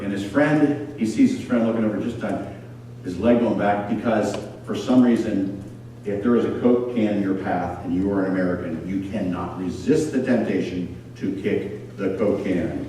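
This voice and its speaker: A man preaching a sermon, telling stories with lively acted-out voices. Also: lowish voice, normal speed, recorded from a distance, a little hiss or hum. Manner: animated storyteller, acts out voices. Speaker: pastor. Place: school church hall. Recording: echoey hall picked up from afar.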